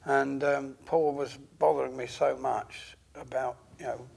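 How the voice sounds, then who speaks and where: A man telling his story as an interview guest, hesitant and full of pauses. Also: medium pitch, level tone, gravelly, a little mellow. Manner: hesitant, many pauses and fillers. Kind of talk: halting conversational storytelling.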